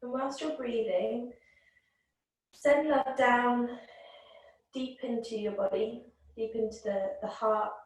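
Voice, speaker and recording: A woman teaching a yoga class, guiding the breath in a calm, gentle, unhurried way. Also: on the high side. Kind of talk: guided yoga and breathing instruction. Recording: very echoey room, voice from a distance.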